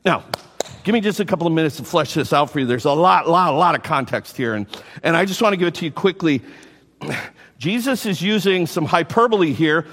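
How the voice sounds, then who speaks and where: A middle-aged man preaches a sermon in a high, swooping voice, animated and quick to repeat himself. His words ring out with the long reverb of a large hall. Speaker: pastor.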